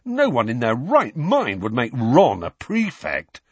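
A man voicing a cheeky, mocking teenage twin brother who talks in a brisk, teasing way in an audiobook. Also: mid-range voice, huge pitch swings, slightly rough, no echo, heavily acted.

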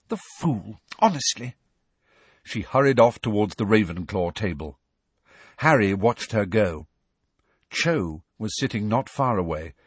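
A man narrating an audiobook in an expressive storybook reading style. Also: on the low side, slightly rough, dry recording. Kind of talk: scripted narration.

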